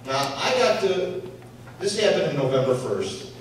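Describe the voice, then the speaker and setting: A middle-aged man with a Chicago accent tells an audience a story in a blunt, animated way and gets loud to make his points. His voice sits a little high. He is picked up from a distance in a very reverberant hall, with a faint hiss underneath. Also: measured pace. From Chicago area, United States. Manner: animated, blunt and streetwise, raises his voice for emphasis. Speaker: panel speaker, former investigator. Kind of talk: storytelling talk at a public forum. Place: university pavilion before an audience.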